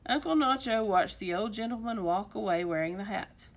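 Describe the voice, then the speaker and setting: A woman reading a children's picture book aloud with expressive storytelling delivery. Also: mid-range voice, moderate pace, hardly any pauses. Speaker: storybook reader.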